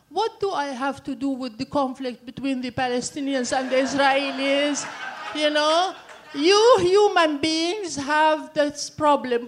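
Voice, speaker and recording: A little female pet dog with a higher, brighter voice that talks slowly and patiently, reasoning with its owner, as a woman puts it on while telling a story. The voice sits a little above an already fairly high register and stays calm and gently insistent. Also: slight background noise.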